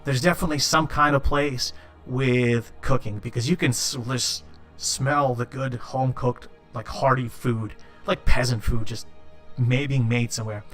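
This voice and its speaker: A man's voice: medium pitch, steady tone, normal speed, fairly bright tone, faint music behind. A man narrating as game master in a tabletop game, casual and full of fillers.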